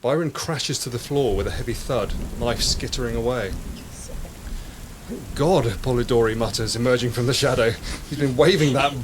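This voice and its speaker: A man's voice: mid-range voice, fairly quick, few pauses. A man acting as game master, narrating a tabletop game dramatically. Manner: dramatic, storytelling. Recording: noisy podcast recording.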